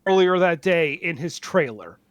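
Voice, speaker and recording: A high-voiced man co-hosts a podcast, trading deadpan jokes in halting bursts full of restarts. The sound is dry and close, with no room around it. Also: no echo. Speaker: podcast co-host. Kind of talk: casual podcast banter.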